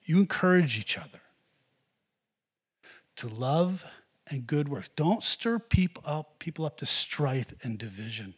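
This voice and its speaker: A husky-voiced man preaches a sermon from the pulpit. He presses earnestly on his congregation, urging them on line after line. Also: fairly high pitch, very animated, unhurried, long pauses. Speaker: pastor.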